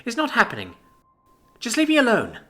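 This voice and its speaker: Guy putting on a higher young woman's voice, guarded and defiant, sharp when pushed, story reading. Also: huge pitch swings, fairly quick, exaggerated voice. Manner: wary, pleading then sharp and scornful. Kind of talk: audiobook story narration.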